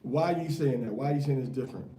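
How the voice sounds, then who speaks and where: A man's voice: mid-range voice, fast, mellow, slight background noise. A man teaching a casual scripture class. He fires rhetorical questions at his students in a loose, slangy way. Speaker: Bible teacher. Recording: echoey room, mic far off.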